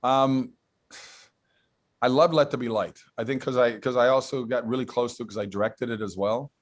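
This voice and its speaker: A man's voice: medium pitch, steady tone, normal speed. A middle-aged man, a guest actor, telling stories with enthusiasm in a casual interview. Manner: enthusiastic storytelling.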